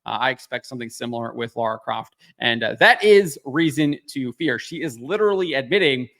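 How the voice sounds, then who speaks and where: A man talking straight to his audience about entertainment, with a critical, dismissive edge. His voice sits at an ordinary middle pitch, and he speaks casually, pausing on "uh" fillers as he works through his points. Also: animated, fairly bright tone. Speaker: commentary channel host. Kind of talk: casual opinion commentary.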